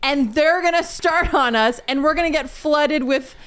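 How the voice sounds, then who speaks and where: Teasing high-voiced woman co-host. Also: fairly bright tone. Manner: teasing, quick quips. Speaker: podcast co-host. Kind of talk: casual chat.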